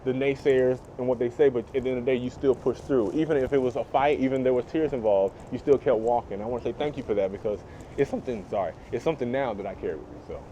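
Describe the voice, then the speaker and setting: A man's voice: mid-range voice, quick pace, dark tone, lo-fi sound, a little hiss or hum. A young man thanking his mother sincerely in a rambling, filler-heavy way. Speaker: host speaking to his mother. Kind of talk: heartfelt conversation.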